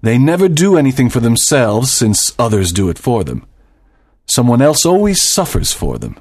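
A man's voice: mid-range voice, big pitch swings, normal speed, a little mellow, husky. A man voicing a stern, proud doctor and father in a dramatized audiobook, speaking formally and with emphasis.

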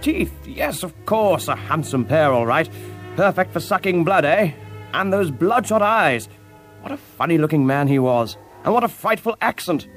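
A man acts out a lazy, wine-loving Victorian lord in an audiobook drama, jovial and drawling in a posh way. His voice sits a little high and moves in lively leaps, with quiet music beneath. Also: normal speed, natural voice.

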